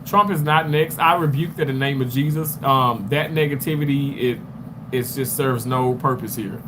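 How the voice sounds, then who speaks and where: A man's voice: mid-range voice, moderate pace. A man live-streaming while he walks, out of breath and rambling as he answers viewer comments one by one. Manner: rambling, talks back to commenters. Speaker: livestreamer. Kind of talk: casual live chat reading viewer comments. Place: walking outdoors near a road. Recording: street noise with passing traffic.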